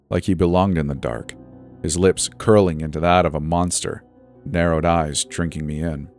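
Faint music plays beneath a man's deep, somewhat mellow voice as he reads a scripted first-person horror tale. He tells it in a tense, storyteller's manner.

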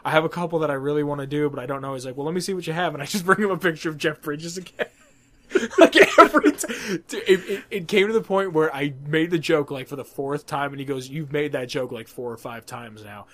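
Young male podcast co-host, slightly high voice, loose and profane storyteller. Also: steady tone, fast talker, a bit bright. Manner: rambling, profane, laughs at his own jokes. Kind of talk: casual storytelling chat.

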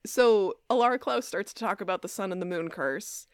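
A woman co-hosting a podcast, recapping scenes in a chatty way, laughing often and quoting characters in a lower voice. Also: fairly quick, smooth, dry recording, studio quality. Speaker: podcast co-host. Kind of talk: casual recap chat.

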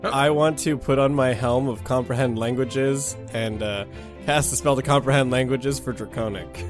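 A man at a tabletop game who chats eagerly in a middle-pitched voice. Music plays clearly in the background. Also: steady tone, moderate pace. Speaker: player. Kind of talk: casual tabletop play.

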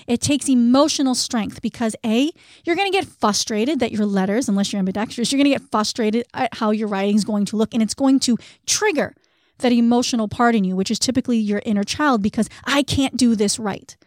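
A woman's voice: on the high side, a little fast, dry recording, studio quality. A woman co-hosting a self-help podcast, talking candidly and casually, laughing at herself now and then. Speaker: podcast co-host.

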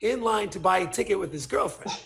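A man, a podcast guest telling a story in casual chat, animated and swearing as he acts out what people said. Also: high voice, fairly quick, gravelly.

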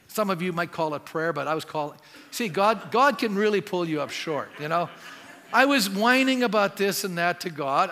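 A man's voice: high voice, sharp tone, long reverb tail. A man preaching a sermon as pastor, speaking in a conversational way and putting questions to the congregation. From Canada.

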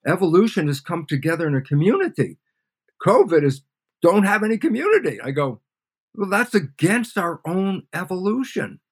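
A man's voice: on the high side, moderate pace, breathy edge. An older man, a scientist guest in an interview, explains by acting out both sides of imagined conversations. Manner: acts out both sides of imagined dialogues, animated. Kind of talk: storytelling lecture in an interview.

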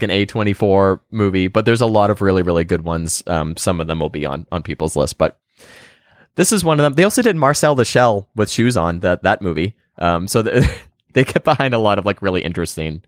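A man's voice: low voice, fairly quick, dry recording, studio quality. A man co-hosting a podcast, chatting casually and hesitantly with many fillers. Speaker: podcast co-host. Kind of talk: casual chat about movies.

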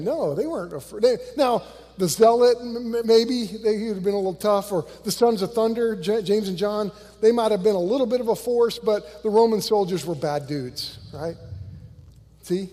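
A male pastor preaching a sermon, animated and conversational, swinging from loud bursts to hushed lines and acting out quotes in a church. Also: sits high, moderate pace, big-room sound. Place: church sanctuary.

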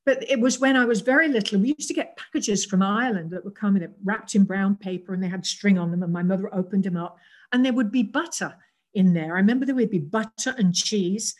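A woman in her seventies with an English accent, an interview guest telling personal stories in a reflective, gentle way with frequent pauses and restarts. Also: mid-range voice. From England.

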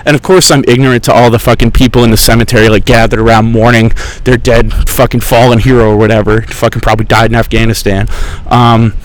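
A man's voice: medium pitch, level tone, fast talker, few pauses, rough recording. A young man hosting a podcast, telling rambling, profane, sarcastic stories in casual chat. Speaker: podcast host. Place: outdoors in a park.

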